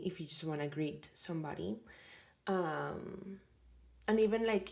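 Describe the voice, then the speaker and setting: A woman from Colombia with a Colombian Caribbean Spanish accent teaches a relaxed language lesson. She talks at an unhurried pace with a gravelly edge to her voice. She is chatty and repeats her example phrases. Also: on the low side.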